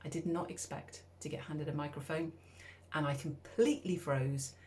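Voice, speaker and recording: Speaking at normal speed in a low-pitched voice, a middle-aged British woman recounts something that happened to her. She's lively and conversational, voicing her own thoughts as she goes.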